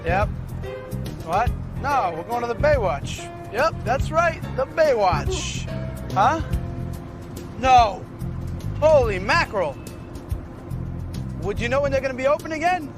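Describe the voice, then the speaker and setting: Casting: a tough-guy hoodlum, mock-cheerful phone patter, bright animated delivery. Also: very high-pitched, slow, pauses often, exaggerated voice. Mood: fake cheerful. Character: gruff male hoodlum fobbing off a kidnapped man. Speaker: film character. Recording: film clip with music behind.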